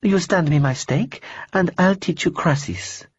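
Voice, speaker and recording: Brief: a teasing, ironic young woman with a girlish lilt, as a man puts her on, husky edge, audiobook. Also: measured pace, dry recording, dull audio. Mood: wry. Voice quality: higher, girlish voice. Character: poised young woman in shadow robe, wry, ironic.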